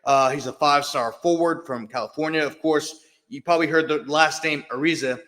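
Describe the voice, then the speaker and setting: Podcast host, male, chatty sports talk, bright tone, some hall reverb. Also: on the high side, fairly quick. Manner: chatty, heavy fillers and restarts. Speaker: podcast host, beat writer. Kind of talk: casual sports podcast commentary.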